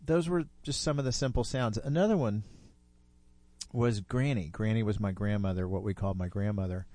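Fifties male storyteller, low and warm, unhurried telling, dry recording. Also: no room sound. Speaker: storyteller guest. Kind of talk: personal storytelling.

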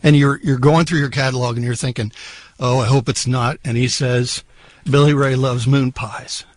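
A middle-aged man hosts part-time and tells a funny personal story with playful, acted-out voices. His pitch sits in the middle for a man, and the sound is dry with no room around it. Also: steady tone, normal speed, no echo.

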